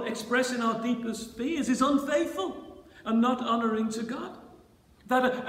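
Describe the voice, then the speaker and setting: A man preaching a sermon in a church, dramatic, at times raising his voice to a shout as he voices the disciples' cries. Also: extremely high pitch. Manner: dramatic, voice rising to shouts when voicing the disciples. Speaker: pastor. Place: church sanctuary. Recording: roomy church reverb.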